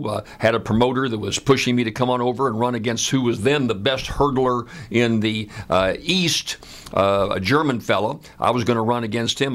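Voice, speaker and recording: An American man in his seventies tells a personal story at an unhurried, conversational pace, often filling pauses with "uh." His voice is mid-range and a bit bright.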